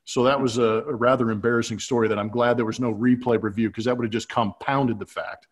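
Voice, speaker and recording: A man co-hosting a podcast, telling a story in a casual, animated way, laughing and acting out the people he quotes. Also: mid-range voice, fast talker, slightly rough. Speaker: podcast co-host, former ballplayer. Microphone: webcam.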